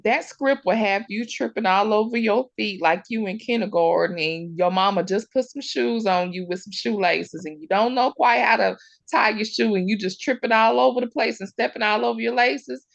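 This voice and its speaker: A woman, teaching surplus funds recovery on a video call, telling stories in a lively, chatty way with folksy comparisons. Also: medium pitch, normal speed, gravelly, no room sound. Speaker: host, surplus funds mentor. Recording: dull lo-fi video call audio.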